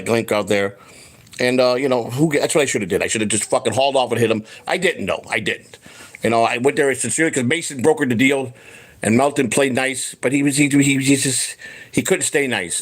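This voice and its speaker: A man hosting a casual livestream chat, rambling and profane, with lots of restarts, acting out what other people said. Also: mid-range voice. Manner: acts out quoted people in his voice. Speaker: host.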